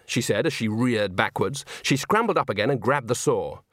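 Guy reading an audiobook, really animated, comic timing, dry close sound. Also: on the low side, normal speed, hardly any pauses, no echo. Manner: expressive, comic storytelling. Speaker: audiobook narrator. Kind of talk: scripted narration.

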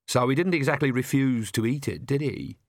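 A man's voice: mid-range voice, fairly quick, dry recording, close to an everyday voice. A man voicing a blunt, matter-of-fact young woman, close to his own voice.

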